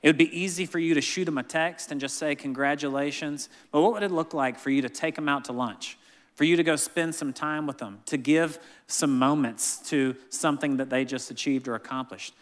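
A man in his thirties preaching a sermon, telling family stories with animated delivery and acting out voices. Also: fairly high pitch, fairly quick. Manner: animated storytelling, acts out family members' voices. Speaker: pastor. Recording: long hall reverb.

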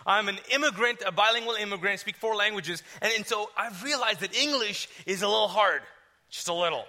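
A man preaching to his church, an energetic, joking storyteller who pokes fun at himself and later leads a prayer. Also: high voice, brisk. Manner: energetic, joking, self-deprecating; animated storytelling. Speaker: pastor. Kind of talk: sermon and prayer.

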